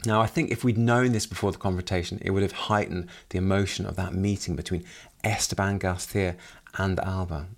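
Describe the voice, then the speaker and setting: A man's voice: sits low, fairly even intonation, a little fast, creaky. A man hosting a solo book review podcast, summarizing the plot with wry asides.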